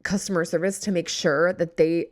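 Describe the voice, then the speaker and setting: A young woman with a slightly low voice hosts a podcast and tells a story in loose, casual chat. She sounds exasperated and sarcastic, swears freely, and mimics both herself and the other person as she goes. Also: steady tone, moderate pace. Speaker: podcast host.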